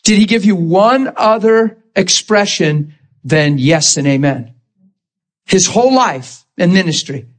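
A male preacher delivering a sermon in a slightly high voice. He is emotional and vivid, acting out scripture scenes as he goes and breaking into laughter now and then. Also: animated, measured pace.

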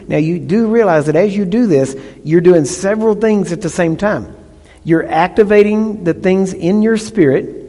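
A man's voice: a little high, mellow, big-room sound. A male pastor preaching a sermon, teaching emphatically and often checking in with the congregation.

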